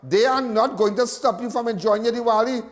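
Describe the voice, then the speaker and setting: A man's voice: extremely high pitch, brisk, in a large hall. A Trinidadian man hosting a live talk show, talking in a folksy, preaching way and repeating his phrases. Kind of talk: animated live commentary.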